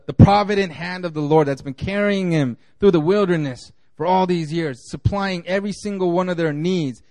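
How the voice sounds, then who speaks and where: High-voiced male pastor, casual sermon, lots of restarts, dry close sound. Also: a little mellow, no room sound. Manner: conversational, many fillers and restarts.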